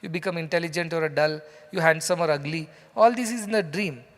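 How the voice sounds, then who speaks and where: A man with an Indian English accent delivers a spiritual lecture in a conversational, storytelling way, often turning to the audience with questions. His voice sits high for a man. The sound carries a long reverb from a large hall. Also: fast talker. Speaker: spiritual teacher. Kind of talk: scripture lecture to a live audience.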